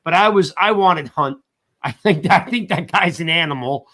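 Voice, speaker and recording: Animated high-voiced sports show host. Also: male voice, moderate pace. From South Jersey. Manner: animated, reads chat shout-outs. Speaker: podcast host. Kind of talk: casual sports talk livestream.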